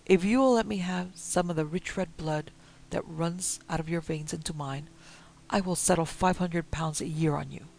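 A man doing a vain, dying rich woman who begs and rages to stay alive. The voice sits a little high and gravelly, pleading one moment and barking orders the next in a spoken storybook reading. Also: normal speed, darkish tone. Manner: pleading then commanding, raving.

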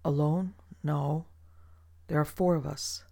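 Surly old storybook castaway, terse and old-fashioned, as a male reader puts him on, gravelly. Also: a little high, fairly even intonation, slow pace, dark tone, exaggerated voice.

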